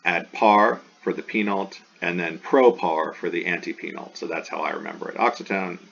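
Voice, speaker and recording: Man, very deep voice, teacher, recorded lesson, slow repeated terms, muffled lo-fi audio. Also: fairly even intonation, vocal fry, fairly bright tone, husky. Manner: enthusiastic, repeats terms slowly. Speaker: Greek teacher. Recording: dull lo-fi recording with faint hiss.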